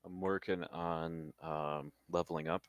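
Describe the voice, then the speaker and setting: A man with a very low voice trading jokes with his tabletop game group during a break. His voice sounds close and dry, with no room around it. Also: fairly even intonation, measured pace, clear, resonant tone, no echo, lo-fi sound. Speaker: player. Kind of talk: casual chat before a tabletop game.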